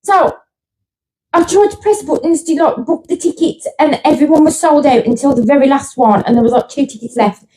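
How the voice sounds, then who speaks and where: A middle-aged woman tells stories on a podcast. She is excitable and gushing. Her voice sits somewhat high. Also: fairly quick, low-quality recording. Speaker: podcast co-host. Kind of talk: casual chat.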